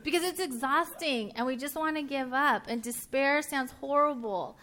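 A woman's voice: high-pitched, bright, forceful tone. Chatty woman giving a casual sermon. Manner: chatty, with filler words and quick restarts; laughs easily and banters with the audience. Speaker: preacher.

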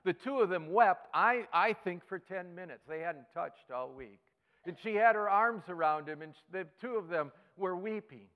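A male pastor preaching in a fairly high voice, his delivery swinging from loud, emphatic lines to hushed ones. His sermon rings out with a long hall reverb. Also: animated, moderate pace, narrow, tinny audio. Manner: storytelling with sudden swings between loud and hushed.

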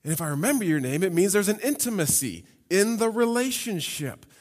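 A man preaching a sermon, reading scripture and explaining it in a lively, conversational way with humorous asides. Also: high-pitched, fairly quick. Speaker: pastor. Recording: long hall reverb.

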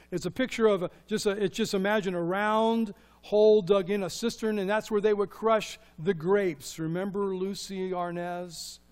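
Preacher, man, high-pitched, animated delivery that swings loud to soft. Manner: animated, asks the congregation rhetorical questions, swings from loud to hushed. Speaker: pastor. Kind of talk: sermon.

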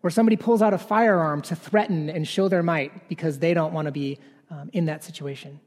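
A man's voice: fairly high pitch, fairly even intonation, fairly quick, a little mellow. A man in his thirties preaching a sermon, talking conversationally and often asking "right?". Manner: conversational, keeps adding "right?". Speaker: pastor. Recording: long reverb of a large hall.

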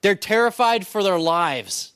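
A man's voice: high-pitched, expressive, measured pace, fairly bright tone, clear, resonant tone, dry recording. A man preaching a sermon in a conversational way, often asking "right?" and restarting words. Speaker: pastor.

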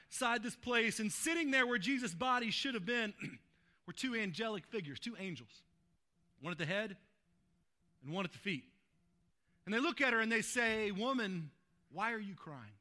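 Man, pastor, sermon, bright tone, conversational retelling. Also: high voice. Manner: retells scripture conversationally, often adding "right?".

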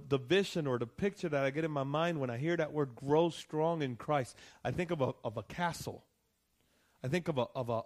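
A man's voice: fairly high pitch, darkish tone. A man, a pastor, preaching a conversational sermon, checking in with the congregation and rising to emphatic peaks.

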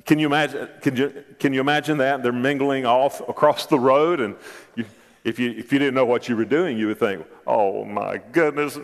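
A man's voice: mid-range voice, fairly quick. A man preaching a sermon as a pastor in a church, emphatic and repeating his words as he addresses the congregation directly. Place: church sanctuary. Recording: long reverb of a large church.

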